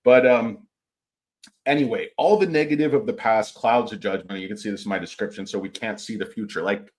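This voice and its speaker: A man's voice: fairly low pitch, brisk. A man giving a casual, rambling stock market commentary, opinionated and full of filler words.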